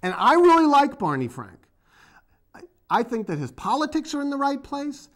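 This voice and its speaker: A man's voice: very high voice, big pitch swings, moderate pace, a bit bright. Rambling sarcastic man. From Boston area, USA. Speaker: video blog host. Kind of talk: ranting political commentary.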